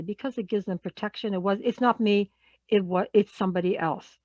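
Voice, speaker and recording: A woman's voice: mid-range voice, brisk, a little mellow, dry recording, lo-fi sound. A woman who works in human resources leads an online workshop in a conversational way. She poses questions to her audience and repeats key words.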